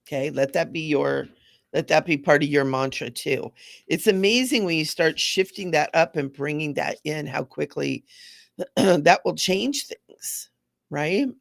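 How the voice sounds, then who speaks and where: A woman's voice: low-pitched, a little slow, creaky, no echo, studio quality. A woman hosting a live spiritual card reading, chatty and affirming, repeating mantras to her viewers. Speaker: intuitive card reader.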